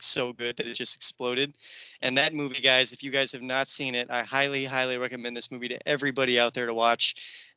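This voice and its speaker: A podcast host chats casually and enthusiastically about movies, rambling with plenty of fillers. His medium-pitched voice is pushed and bright with a clean tone and no room sound, though the recording quality is low.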